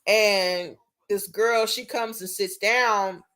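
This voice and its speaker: A young woman recounts a night out in casual storytime style. Her telling is animated and chatty, full of swearing, and her voice sits at an ordinary middle pitch. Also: slow pace.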